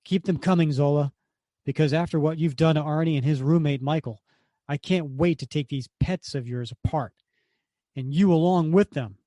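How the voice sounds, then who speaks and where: A man's voice: a little high, normal speed, mellow, dry recording, natural voice. A man reading aloud as a defiant male hero captain, firm and indignant.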